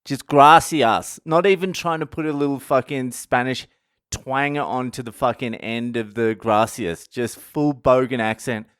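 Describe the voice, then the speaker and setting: A man from Australia with an Australian accent, telling a story in a casual, sweary, animated vlog rant and laughing at himself. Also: medium pitch, moderate pace, clear, resonant tone, no room sound, studio quality. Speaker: vlogger. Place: indoors, at home.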